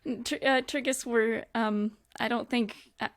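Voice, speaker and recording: A woman's voice: fairly high pitch, fairly even intonation, a little slow, dry recording, studio quality. A woman playing a tabletop game, hesitant and stammering. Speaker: player. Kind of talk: casual in-character play.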